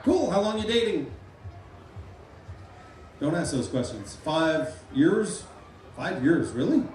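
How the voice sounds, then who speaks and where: Middle-aged guy hypnotist on stage, kinda high voice, big boomy tent echo, mic sounds far off. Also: very animated, takes it slowly, a little hiss or hum. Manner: playful, giving loud repeated suggestions. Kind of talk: live comedy stage show. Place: large fair tent.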